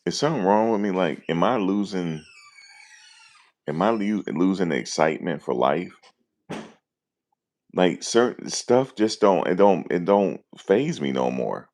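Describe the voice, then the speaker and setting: A man, talking casually and deadpan to his viewers, musing and repeating himself in slangy speech. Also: low-pitched, a little slow, pauses often. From New Jersey, USA. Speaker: vlogger. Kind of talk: casual rambling monologue.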